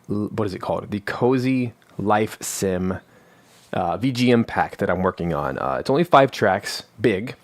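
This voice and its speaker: A live stream host and composer chats casually from his home studio while battling a cold, rambling and poking fun at himself in a slightly low voice. A studio vocal mic run through a manual analog mixer gives a dry, close sound with no room echo.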